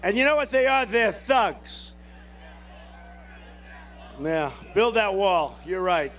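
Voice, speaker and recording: High-pitched man giving a boastful rally speech. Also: expressive, slow, fairly bright tone, slight background noise. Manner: boastful, repetitive, off-the-cuff crowd oratory. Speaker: presidential candidate at a rally. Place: outdoor airport rally.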